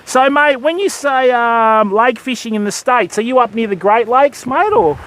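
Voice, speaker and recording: On a beach by the surf, an older Australian man hosts a fishing livestream, calling viewers mate and bud as he rigs and casts. His voice is very high and a bit bright, at a moderate pace, with a little hiss or hum in the recording.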